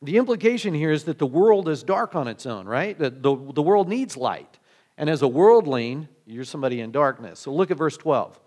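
With a somewhat high, slightly mellow voice and big swings in pitch, this pastor preaches at normal speed. He keeps it conversational, firing off rhetorical questions and starting his phrases over as he moves through each point.

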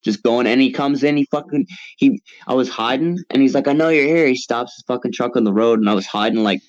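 A man's voice: mid-range voice, steady tone, fairly quick, darkish tone, no echo. A man in a casual group voice chat, telling a long story in a rambling, profane way. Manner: profane, rambling storyteller, talks over others. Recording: dull, lo-fi mic.

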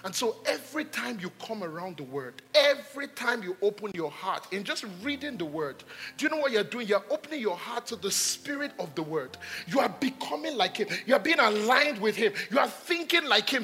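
A man preaching a sermon, emphatic and repetitive, swinging between loud exhortation and hushed asides. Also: high-pitched, big pitch swings, fairly quick, faint music behind.

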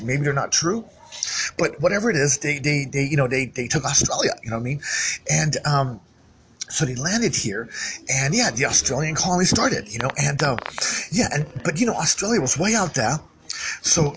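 A man's voice: medium pitch, a bit bright, poor audio. A man talking alone in an unscripted, rambling monologue, full of fillers, restarts and repetition.

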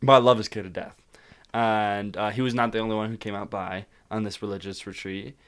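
A man's voice: fairly low pitch, fairly even intonation, a little fast, a bit bright, clean tone. A young man hosting a podcast, telling stories in a casual chat with lots of fillers and laughter. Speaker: podcast host.

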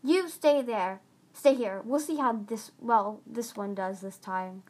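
A woman's voice: on the high side, slow pace, a little mellow. A menacing giant dragon issues curt orders in a cold, commanding tone, voiced by a woman reading aloud. His delivery is clipped and impatient. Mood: stern.

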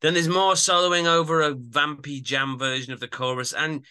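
A man's voice: on the high side, fairly even intonation, moderate pace, sharp tone, clean tone. A man from Yorkshire, co-hosting a casual podcast that reviews albums, easygoing and agreeable. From Yorkshire, England. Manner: easygoing, agreeable, trails off mid-thought. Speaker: podcast co-host. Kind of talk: casual music review chat.

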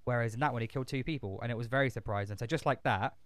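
A man's voice: mid-range voice, rapid-fire. A man chatting casually as a podcast co-host, rambling with lots of swearing, fillers and restarts. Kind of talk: casual chat.

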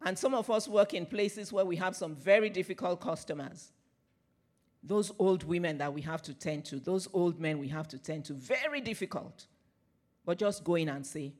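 High-voiced man preaching a sermon. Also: expressive, normal speed. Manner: earnest, with soft drops in volume at the ends of phrases; personal storytelling with repeated phrases.

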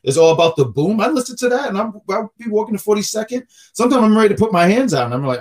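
A man co-hosting a wrestling podcast, excitable and quick to laugh, often stumbling over his words. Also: high-pitched. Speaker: podcast co-host. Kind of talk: casual wrestling chat.

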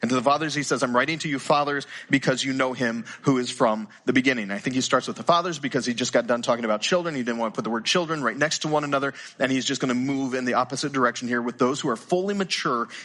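A man's voice: medium pitch, fast talker, hardly any pauses, a bit bright. An older male pastor, preaching a sermon earnestly and often repeating words as he starts sentences.

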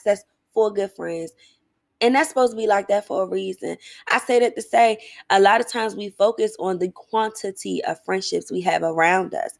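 A woman's voice: medium pitch, vocal fry, dry recording, studio quality. A woman hosting a casual monologue, talking bluntly and emphatically, swearing freely as she shares her views and questions listeners. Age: adult, getting older. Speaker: podcast host.

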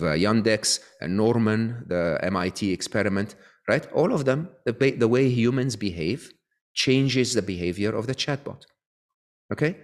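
Lower-voiced man making his point. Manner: frequent tag questions and restarts. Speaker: guest author. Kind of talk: conversational interview explanation.

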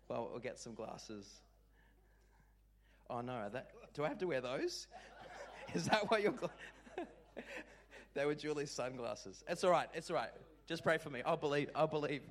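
A man preaching a sermon, expressive and call-and-response, leading the congregation and joking with them. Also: medium pitch. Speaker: pastor.

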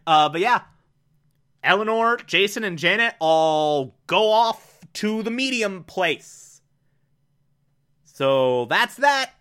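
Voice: medium pitch, expressive, slow, long pauses, fairly bright tone, clean tone. A person casually recapping a show, gushing and breaking into laughter between sentences. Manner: amused, gushing.

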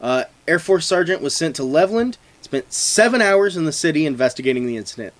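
A man's voice: fairly high pitch, animated, fairly quick. A man co-hosting a podcast, joking around in casual chat and acting out voices of people he describes. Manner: joking, acts out quoted voices. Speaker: podcast co-host.

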